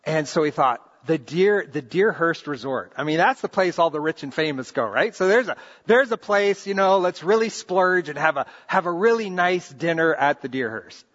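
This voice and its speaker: Middle-aged male pastor, bright high delivery, animated and earnest, dull recording in a reverberant hall. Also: normal speed, few pauses. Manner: earnest, animated preaching with repeated restarts. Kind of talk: sermon. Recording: reverberant hall, muffled lo-fi sound.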